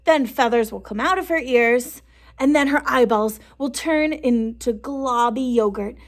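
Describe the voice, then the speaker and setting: A woman's voice: on the high side, a little slow. A woman doing a gleeful, scheming helper man.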